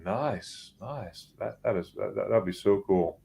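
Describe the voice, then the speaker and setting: A man's voice: lowish voice, unhurried, creaky, dark tone. A man hosting a casual late-night live chat, rambling and repeating words as he talks, tired after staying up all night. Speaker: host.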